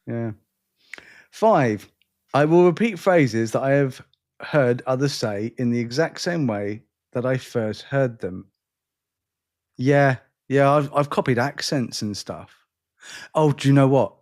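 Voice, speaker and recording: A man's voice: medium pitch, slow pace, pauses often, a little mellow. A tired English man with an accent between London and educated, chatting casually as podcast co-host, rambling and self-deprecating. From England. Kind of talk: casual chat.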